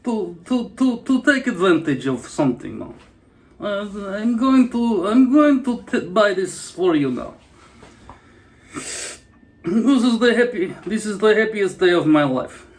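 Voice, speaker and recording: A man's voice: high-pitched, sing-song, a little slow, pitched above the performer's own voice, heavily acted. A man putting on a gushing Russian-accented guy. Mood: excited.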